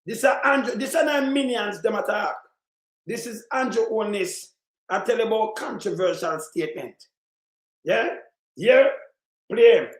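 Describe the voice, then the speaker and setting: A Jamaican man giving an emphatic political commentary in patois, often breaking into shouts. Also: sits high, a little slow, reverberant. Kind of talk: ranting commentary over clips.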